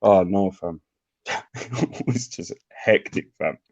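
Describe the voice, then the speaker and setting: A man's voice: low voice, slow, a little mellow, breathy edge. A man with a Birmingham accent hosting a live stream in a casual, slangy, laid-back chat, often laughing. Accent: Birmingham English. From England.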